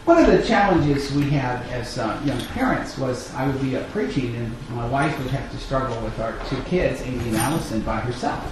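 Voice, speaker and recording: A middle-aged male pastor telling a family story in a sermon, acting out the family's dialogue with lively storytelling. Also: mid-range voice, normal speed, few pauses, very echoey, noisy background.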